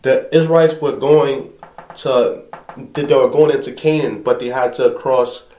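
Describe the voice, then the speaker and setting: Male pastor-host, mid pitch, lively storyteller, roomy sound. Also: unhurried. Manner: animated storyteller, acts out quoted people. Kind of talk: casual conversation.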